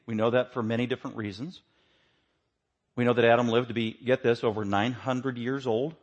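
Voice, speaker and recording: A man preaching a sermon as pastor, emphatic, swinging between loud stresses and hushed asides. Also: mid-range voice.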